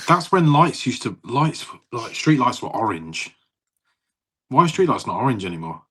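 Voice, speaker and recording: A man in his thirties with a husky, slightly breathy voice, co-hosting a casual podcast chat. He rambles from story to story, laughs easily and swears freely. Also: mid-range voice, big pitch swings, moderate pace, fairly bright tone. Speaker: podcast co-host.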